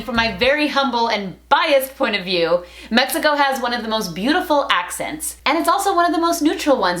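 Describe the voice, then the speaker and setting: A young woman vlogging to camera in a chatty, playful and expressive way. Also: fairly high pitch. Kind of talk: casual talk to camera. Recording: roomy echo.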